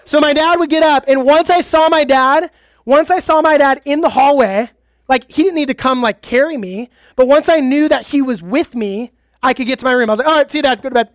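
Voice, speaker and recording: A young man preaching a youth sermon in a casual, energetic, conversational way. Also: very high voice, brisk, no room sound, clean studio sound. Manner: conversational, energetic, uses "like" often. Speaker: youth pastor.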